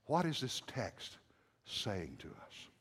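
Slow, dramatic preacher with a lively voice. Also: male voice, mid-range voice, husky. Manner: swings from hushed to shouting. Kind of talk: dramatic sermon storytelling. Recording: echoey hall with long reverb.

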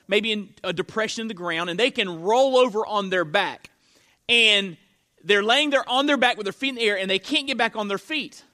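A man's voice: sits high, bright, forceful tone. A man preaching a sermon, telling Bible stories with earnest, dramatic emphasis. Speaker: pastor.

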